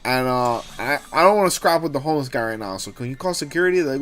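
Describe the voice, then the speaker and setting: A young man hosting a gaming livestream, talking casually and telling rambling, animated stories with swearing. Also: on the high side, very fast, hardly any pauses, soft background music. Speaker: streamer host.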